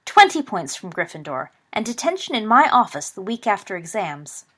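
A stern Scottish schoolmistress of advanced years, put on by a woman reading aloud, clipped and scolding. She barks orders in a middle-pitched voice that leaves no room for argument. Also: very animated, normal speed. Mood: furious. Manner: sharp, scolding, commanding. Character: stern older Scottish female professor.

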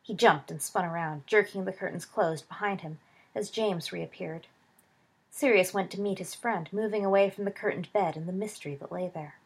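Brief: steady, soft woman audiobook narrator, husky tone. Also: on the low side, normal speed. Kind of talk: storybook narration.

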